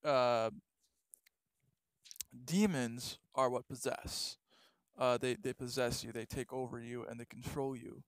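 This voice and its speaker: A man's voice: mid-range voice, fairly even intonation, slow pace, pauses often, clean tone, no room sound. Rambling young man telling a ghost story. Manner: rambling, many fillers and restarts. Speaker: vlogger. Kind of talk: casual storytelling to camera.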